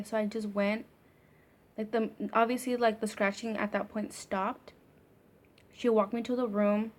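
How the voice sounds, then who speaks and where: A woman telling a ghost story in a storytime vlog, casual and profane, filling her sentences with "like". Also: medium pitch. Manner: casual and profane, heavy use of filler "like". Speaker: vlogger.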